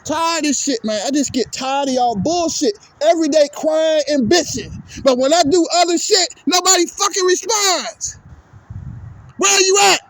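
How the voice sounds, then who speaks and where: Swearing and exasperated, a male vlogger launches into a repetitive sports rant aimed at his viewers. His pitch is extremely high, and his speed is normal.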